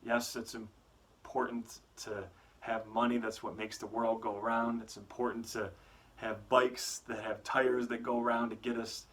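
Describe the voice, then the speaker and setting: A man's voice: medium pitch, flat delivery, measured pace, a bit bright. A man giving a motivational talk to schoolchildren, telling a story with many "right?" asides. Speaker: youth motivational speaker.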